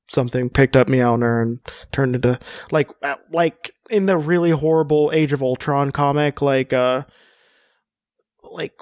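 A man's voice: on the high side, a little mellow, no echo. Rambling casual man, dry close sound. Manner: rambling, many fillers and restarts, jokey. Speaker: podcast co-host. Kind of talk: casual chat.

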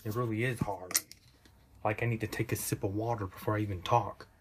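Rambling low-voiced man hosting a podcast. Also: steady tone, a little hiss or hum. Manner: halting, self-correcting, drifts into whispers. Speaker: podcast host. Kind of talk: rambling solo podcast monologue.

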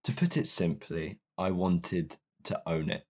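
Deep-voiced young man. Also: lively intonation, a little slow, a little mellow, slightly rough. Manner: candid, self-deprecating, rambling. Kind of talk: personal storytelling.

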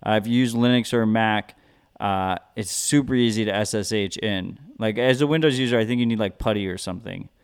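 Smooth, gravelly man in casual chat. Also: on the low side, fairly quick. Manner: loose and casual, heavy on fillers like "like". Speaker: podcast co-host.

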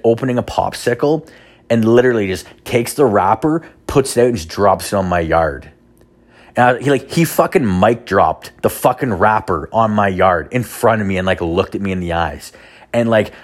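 A man in his thirties hosting a solo podcast, telling rambling, self-deprecating stories packed with swearing. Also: lowish voice. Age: 30s. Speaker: podcast host. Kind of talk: casual solo podcast storytelling.

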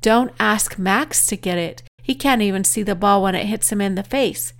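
A woman's voice: medium pitch, moderate pace, lightly acted. A woman voicing a cocky teenage boy, a teasing younger brother, in a told story.

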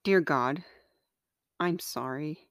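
Woman, author reading her own confessional letters; slow, smooth, close dry sound. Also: low voice, fairly bright tone, dry recording.

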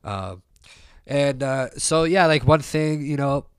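A young man with a medium-pitched, smooth voice speaks slowly but animatedly in a casual opinion monologue. He rambles loosely, swears often, and keeps circling back with fillers and restarts, all captured in clean, echo-free studio sound.

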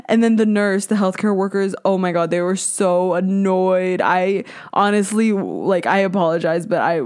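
A young woman hosting her own podcast in casual solo chat, candid and swearing freely, now and then mimicking other people in a high, squeaky voice. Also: moderate pace, a little mellow. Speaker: podcast host.

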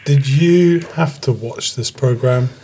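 A man's voice: medium pitch, slow, noisy background. A man co-hosting a casual podcast chat with dry interjections. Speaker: podcast co-host.

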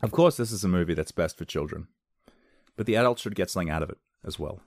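A man's voice: deep voice, quick pace, dry recording, clean studio sound. A man reviewing films on his own podcast, talking casually, enthusiastically and in a rambling way.

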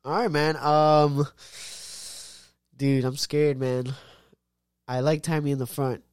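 A young American man co-hosting a sports podcast, in excitable, trash-talking banter, cutting in again and again. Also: on the high side, slow pace, smooth, dry recording, studio quality. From United States. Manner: excitable trash-talk, repeats "guy" over and over. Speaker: podcast co-host.

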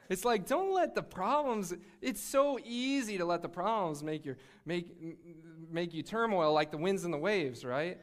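A man preaches through a personal faith story with lively energy, often laughing and restarting his sentences. His voice sits a little higher than most men's. It has the rhythm of sermon-style storytelling. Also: normal speed, hardly any pauses. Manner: animated, laughing, with frequent restarts. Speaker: speaker sharing a faith testimony.

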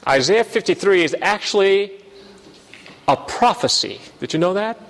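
Man preaching, storytelling sermon, animated delivery, slightly high voice, long hall echo. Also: moderate pace. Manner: animated storyteller, bleats like a lamb.

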